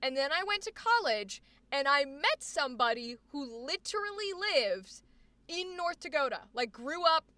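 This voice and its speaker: Bright high-voiced woman chatting on stream. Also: sing-song, normal speed, dry recording. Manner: chatty, swears casually, talks to chat. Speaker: livestreamer reading chat. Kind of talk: casual livestream chat.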